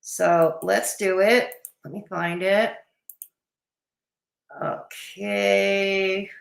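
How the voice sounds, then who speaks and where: A woman's voice: medium pitch, fairly even intonation, very slow, vocal fry, roomy sound. A woman hosting a casual reaction chat, blunt and dismissive, with the hiccups. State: has the hiccups. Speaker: commentary channel host.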